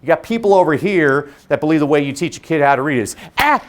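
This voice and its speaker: A man giving a motivational keynote to an audience of teachers, with an animated, humorous, punchy delivery. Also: on the high side, brisk. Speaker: keynote speaker. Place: conference venue before a live audience.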